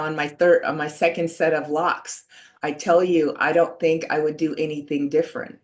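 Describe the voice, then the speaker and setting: A woman in her sixties on a video call, telling a personal story in an earnest, halting way, often pausing on "you know.". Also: deep voice. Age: 60s. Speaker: panelist sharing a personal story.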